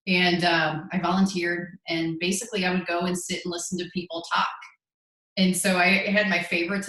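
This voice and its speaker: A woman's voice: on the low side, fairly bright tone. A woman in her forties, a podcast guest, earnestly telling her story and acting out what people said. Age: 40s. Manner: earnest, storytelling with quoted voices. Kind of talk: podcast interview. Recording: echoey room.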